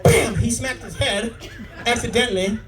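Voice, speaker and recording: High-voiced man doing stand-up, roaring crowd. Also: fast talker, far from the mic, heavy background noise. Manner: storytelling, acts out people's lines. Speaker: stand-up comedian. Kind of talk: stand-up comedy set. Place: comedy club stage before a live audience. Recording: audience recording from across the room. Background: loud laughing crowd.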